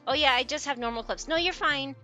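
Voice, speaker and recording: A woman's voice: high voice, a little fast, bright, forceful tone, faint music behind. A woman streamer in casual live-stream chat, chatty and giggly, often trailing off and restarting her sentences.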